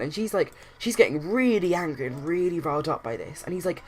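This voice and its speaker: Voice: medium pitch, lively intonation, fairly quick. Rambling game commentator. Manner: rambling, retells scenes with quoted lines. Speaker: let's play host.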